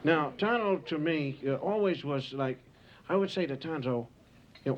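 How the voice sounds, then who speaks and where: A man's voice: mid-range voice, expressive, brisk. Rambling man telling stories on stage, muffled tape. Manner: loose, rambling, full of "you know". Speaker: stand-up comedian. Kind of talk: live stand-up storytelling. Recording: muffled home tape of a live show with audience and hiss. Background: audience laughter and tape hiss.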